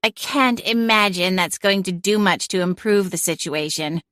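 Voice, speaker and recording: A woman voicing a sassy, vain talking female cat in an audiobook, imperious and sharp-tongued. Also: lowish voice, normal speed, dry recording, clean studio sound, lightly acted. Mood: grumbling. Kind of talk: audiobook character voice.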